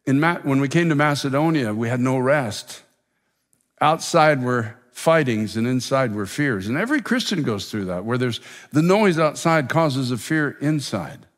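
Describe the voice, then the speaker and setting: A man's voice: mid-range voice, in a large hall. A man preaching a sermon as pastor, building to emphatic repeated declarations. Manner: preaching with rising intensity and emphatic repetition.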